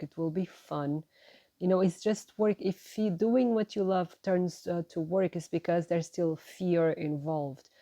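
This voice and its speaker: A woman giving a gentle, encouraging tarot reading to her viewers, often checking in with "right?" and "you know". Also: fairly low pitch, dry recording. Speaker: tarot reader.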